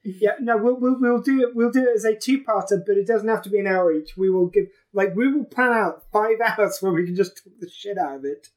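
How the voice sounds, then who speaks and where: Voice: medium pitch, a little fast, hardly any pauses. A podcast host chatting casually, laughing and swearing freely. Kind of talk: casual chat.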